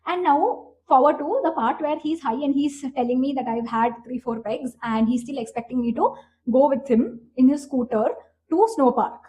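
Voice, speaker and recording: A young woman with an Indian English accent telling a story casually, animated, with plenty of swearing, fillers and restarts. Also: sits high, normal speed, low-quality recording. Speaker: vlogger.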